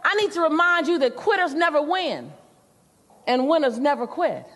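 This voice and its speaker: A woman voicing a firm but tender older grandmother, speaking slowly and emphatically. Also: high voice, sing-song, a bit bright. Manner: calls the listener "baby" and "honey", slow and emphatic. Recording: long reverb of a large hall.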